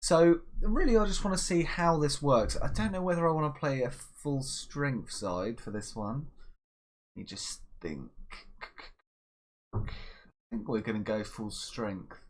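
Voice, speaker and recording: A man hosting a casual gaming video, talking through his tactics and commentating on the match, breaking into excited shouts when his side scores. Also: mid-range voice, unhurried, pauses often. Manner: chatty, bursts into excited shouts at goals. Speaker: gaming channel host. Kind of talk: casual Let's Play commentary.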